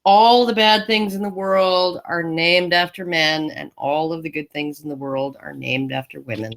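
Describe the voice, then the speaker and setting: A woman's voice: low-pitched, steady tone, normal speed. A woman co-hosting a podcast, making emphatic points in casual commentary. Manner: emphatic, lists examples. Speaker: podcast co-host.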